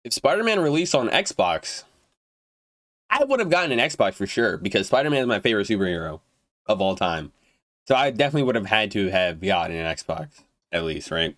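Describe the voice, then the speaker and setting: Ranting to camera without edits, a young man who makes gaming videos is blunt and foul-mouthed, tripping over and restarting words while his throat dries out. He speaks fairly quickly in a low, sing-song voice with a bit of brightness. No room sound is audible.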